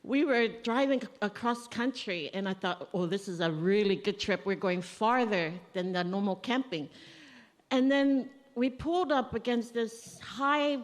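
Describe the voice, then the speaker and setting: A woman's voice: medium pitch, unhurried. A woman giving a eulogy for her father at a family funeral service, telling stories conversationally and acting out remembered dialogue. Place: church. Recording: long reverb of a church hall.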